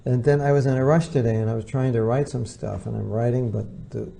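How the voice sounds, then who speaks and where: A spiritual teacher gives a relaxed lecture in a very mellow, dark, gravelly voice at medium pitch. He speaks fairly quickly with fairly even intonation, keeping things conversational and imitating the voices of the people he quotes.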